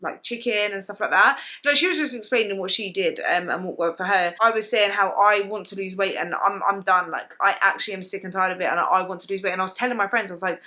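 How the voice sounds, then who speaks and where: A woman's voice: medium pitch, quick pace, hardly any pauses, bright, forceful tone. A young British woman telling a personal story to camera in a casual, emotional way, full of "like" fillers. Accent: British English. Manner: emotional, confiding, lots of "like" fillers. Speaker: vlogger.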